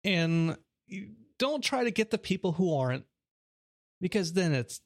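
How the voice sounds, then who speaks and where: A middle-aged man co-hosting a podcast, chatting casually and telling an animated story with frequent laughter. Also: normal speed, dry recording, studio quality. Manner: animated storyteller, laughs often, mimics high voices. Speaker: podcast co-host. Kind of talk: casual chat.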